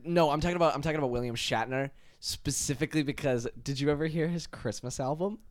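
A man in casual chat, joking and bantering with quick, crude remarks. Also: on the high side, no echo, studio quality.

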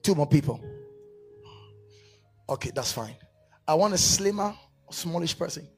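Soft background music accompanies a man whose voice is a little high, a little slow, and slightly rough. He preaches a live sermon to a congregation, staging a demonstration, directing volunteers, and escalating from animated speech into fervent shouted prayer.

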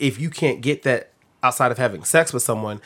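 Quick, earnest man in conversation. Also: mid-range voice, lively intonation, fairly bright tone. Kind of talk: candid conversation.

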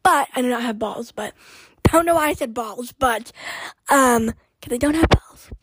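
High, husky-voiced young woman podcaster. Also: moderate pace, no echo, low-quality recording. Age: young adult. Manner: rambling and chatty, full of "like" fillers and self-corrections. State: hoarse and out of breath. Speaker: podcast host. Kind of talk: casual solo podcast chat.

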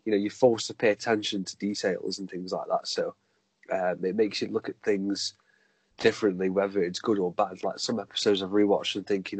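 This man co-hosts a podcast in a casual chat. His voice sits a little low and sounds husky, recorded dry and close. He talks hesitantly, with many fillers and restarts. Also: flat delivery, brisk, no room sound, poor audio. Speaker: podcast co-host.

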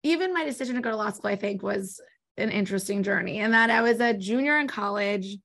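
A woman with a Californian accent, an estate planning attorney answering interview questions in a quick, explanatory way. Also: medium pitch, fairly bright tone. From born in New York, raised in Los Angeles. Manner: talks fast, explanatory.

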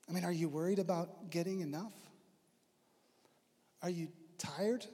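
A man with a strikingly high voice delivers a sermon. He is earnest, pushing up into emphatic preaching and then falling quiet and low. A long hall reverb trails his words. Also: measured pace, pauses often, husky. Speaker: pastor.

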